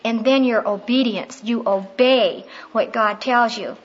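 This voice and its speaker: A middle-aged woman speaks in a fairly high voice, teaching on prayer. She tells personal stories in a heartfelt, conversational way. The recording sounds dull and lo-fi. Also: measured pace, background noise.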